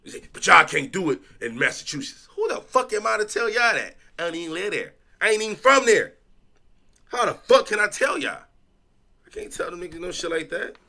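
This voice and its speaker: Lively, bright-voiced man streamer. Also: high voice, a little fast. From Chicago. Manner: loose, profane street talk with restarts. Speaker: streamer reacting to videos. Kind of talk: casual reaction stream chat.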